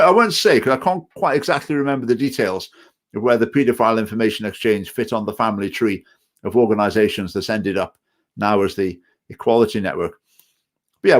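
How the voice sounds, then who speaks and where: A man with a Stoke-on-Trent English accent, chairing a party and answering viewer comments in a casual live stream, hesitant and often repeating words. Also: medium pitch. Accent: Stoke-on-Trent English with some Scottish phrases. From England. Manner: hesitant, repeats words, digressive opinionated talk.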